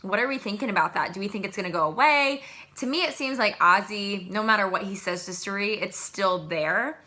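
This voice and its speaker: A young adult woman casually recapping a reality show to camera in an excitable, chatty way. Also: medium pitch, fairly quick. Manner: chatty, excitable, animated asides. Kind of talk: casual chat.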